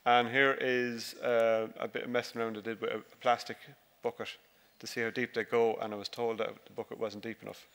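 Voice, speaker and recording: A man, a dairy farmer, giving a relaxed, joking conference talk with many fillers and restarts, recorded by a stage microphone. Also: mid-range voice, fairly quick, vocal fry. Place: large conference hall. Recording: reverberant hall.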